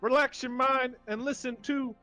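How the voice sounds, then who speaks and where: A man's voice: extremely high pitch, fairly even intonation, moderate pace, sharp tone, soft background music, pitched above the performer's own voice. A man voicing a group of mystic cycling cadets who boast in rhymes with a hyped-up delivery.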